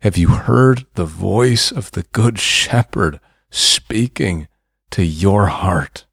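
Slow, deep-voiced male preacher. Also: animated, creaky, fairly bright tone, slightly rough, no room sound, studio quality. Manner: fervent, rising to emphatic bursts. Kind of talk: sermon.

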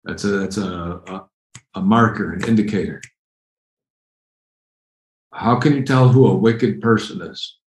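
A man's voice: lowish voice, unhurried, pauses often, echoey room, low-quality recording. A man preaching a conversational, emphatic sermon, often repeating phrases as he explains Bible verses. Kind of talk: expository sermon.

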